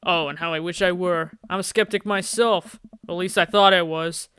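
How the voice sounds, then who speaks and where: Gruff, deadpan middle-aged man, played by a man, smooth and bright. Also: high voice, normal speed, dry recording, studio quality.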